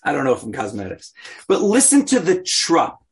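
A man teaching a scripture class, chatty and animated, joking in asides and chanting verses aloud. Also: a little high, normal speed, breathy edge.

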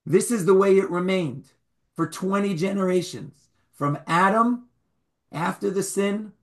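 A man teaching a Torah class to a live group, quizzing his listeners, repeating key words and adding wry humorous asides. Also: fairly high pitch.

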